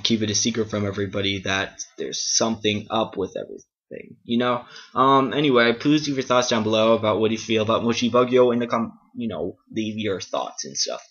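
A man with a lowish, slightly bright voice casually recaps an anime episode as a reviewer. He rambles and swears, leaning heavily on "like" and "um." The audio is dull, lo-fi webcam sound.

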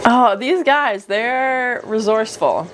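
A woman's voice: a little high, animated, slow, very noisy. A young woman giving casual, chatty reaction commentary while watching a movie, with frequent gasps and jokey asides. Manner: chatty, exclaims and gasps often; jokey asides, mock quoting characters. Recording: movie soundtrack music behind. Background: movie music.

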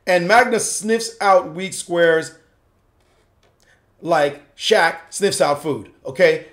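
A man's voice: sits high, slow, a bit bright. A man giving playful, slangy chess commentary as a grandmaster analyst, acting out what the players might be thinking.

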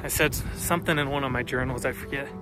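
A young man speaks outdoors from a mountain summit into a handheld camera. He is choked up and close to tears, halting and open, with many fillers and restarts. His voice sits mid-pitched, and loud music plays behind him. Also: fairly even intonation. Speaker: hiker vlogger. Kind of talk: emotional summit vlog. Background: loud background music.

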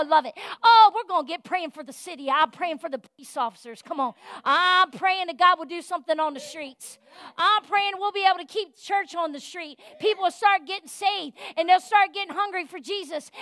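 A woman pastor preaching a sermon in a fervent, folksy way, rising to loud exhortation and dropping to soft, confiding talk. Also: very high voice, no echo, studio quality. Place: church.

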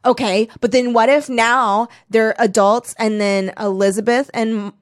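A woman co-hosting a comedy book podcast, rambling through a story and acting out characters in a casual, animated way. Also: a little high, measured pace, dry recording, studio quality. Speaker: podcast co-host.

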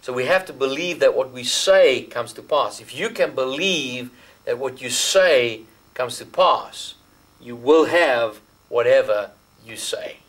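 A man with an Australian accent preaching a sermon as host, stressing key words by slowing down and guiding listeners to underline verses in their Bibles. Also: mid-range voice, fairly bright tone, rough recording. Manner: talks the listener through marking up the Bible. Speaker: pastor.

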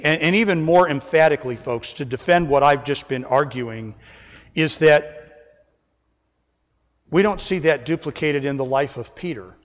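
A church service captures a pastor's emphatic sermon in the sanctuary, where the large hall carries his mid-range voice. Again and again he addresses his listeners as folks.

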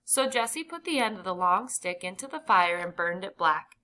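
A woman reading a children's chapter book aloud with clear, gentle emphasis. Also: fairly low pitch, animated, moderate pace. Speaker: audiobook reader. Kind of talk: children's storybook narration.

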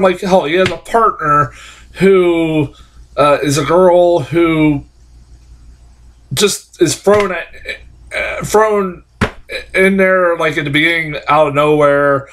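A man's voice: a little high, fairly bright tone, a little hiss or hum. A man giving a casual, profane, rambling film review, exasperated and full of fillers.

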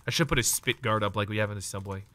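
A young man live streams himself cracking open trading card packs, excitable and jittery, chatting with his viewers and cursing occasionally. His voice is lowish and his delivery rapid-fire.

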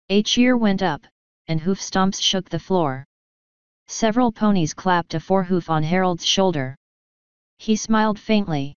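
A woman narrating a fanfiction story in a calm, even reading. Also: mid-range voice, measured pace, clear, resonant tone, no room sound. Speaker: fanfiction reader. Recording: slightly dull, lo-fi.

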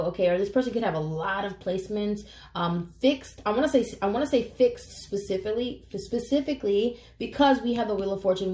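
A woman's voice: mid-range voice, darkish tone. A woman giving a casual tarot reading to camera, earnest and emotional, swearing casually as she talks. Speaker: tarot reader. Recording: echoey room.

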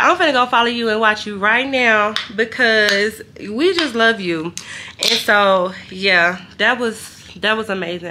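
A woman's voice: mid-range voice, pushed and bright, a little hiss or hum. A young woman, talking to camera in a hotel room, chatty and emotional. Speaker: vlogger. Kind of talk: casual vlog talk to camera.

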